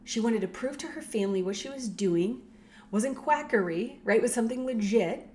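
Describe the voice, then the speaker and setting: A woman's voice: fairly high pitch, animated, normal speed, mellow, slight background noise. A middle-aged woman chiropractor talking casually to parents, often adding "right?" and acting out quoted voices. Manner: conversational, tag questions, acts out quoted voices. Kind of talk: casual educational talk.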